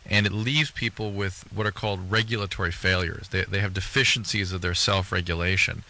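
A man co-hosting a call-in radio show, explaining things calmly to a caller. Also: low voice, brisk. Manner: calm, explanatory. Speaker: radio co-host. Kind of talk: casual radio chat.

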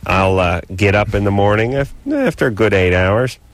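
A man's voice: lowish voice, normal speed, no echo. A man in his thirties hosting a radio call-in show, joking in a sardonic, rambling way. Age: 30s. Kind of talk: comedic radio banter.

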